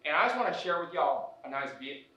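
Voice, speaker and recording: A man playing a clueless, over-friendly male high school principal with a Southern drawl, hearty and booming. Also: expressive, brisk, bright, forceful tone. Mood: folksy. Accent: Southern US put-on. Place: live theater stage. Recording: echoey stage from a distance.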